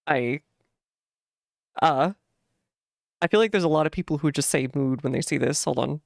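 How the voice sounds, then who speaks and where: A woman's voice: sits low, moderate pace, gravelly, no echo, clean studio sound. A young woman chatting casually while playing a game, rambling with lots of fillers. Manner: rambling, many fillers and restarts, giggly.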